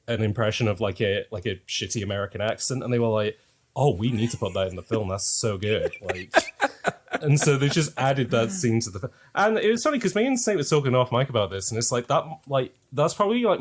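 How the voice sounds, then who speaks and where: A man hosting a casual podcast chat, chatty and laughing often, with lots of fillers. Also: medium pitch. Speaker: podcast host.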